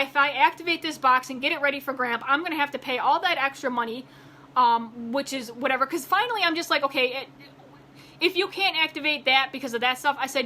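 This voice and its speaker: A woman's voice: high voice, fast talker, pushed and bright, a little hiss or hum. A woman vlogger telling a story in a casual rant, acting out both sides of a phone call and rising in exasperation when heated.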